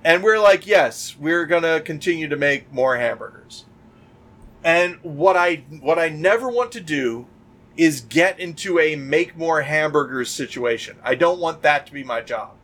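With a fairly high, slightly bright voice and lively intonation, a man speaks a little slowly as he co-hosts a casual podcast. He recounts work stories with animation, performing the quotes and restarting loosely as he goes.

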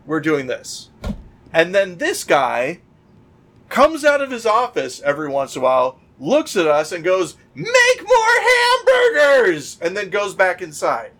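A man's voice: high voice, big pitch swings, normal speed, a bit bright. A man co-hosting a casual podcast chat, telling work anecdotes animatedly and acting out the quotes in a loose, restarting way. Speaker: podcast co-host.

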